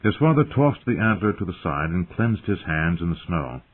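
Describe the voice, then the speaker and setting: A man's voice: low-pitched, sing-song, normal speed, slightly rough. A man narrating a story expressively as an audiobook reader. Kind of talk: scripted narration. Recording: tinny phone-like sound.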